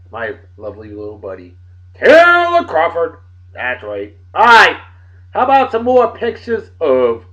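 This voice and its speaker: A man in his forties hosting a casual beer review vlog, with loud, joking, exclamatory banter. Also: a little high, muffled recording. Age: 40s.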